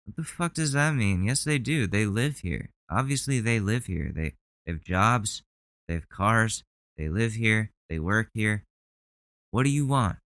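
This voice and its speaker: A man with a lowish, smooth voice hosts a podcast and reacts bluntly to video clips. He sounds indignant and swears freely. The sound is close and dry. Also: animated, a little slow, a bit bright, no room sound. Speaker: podcast host.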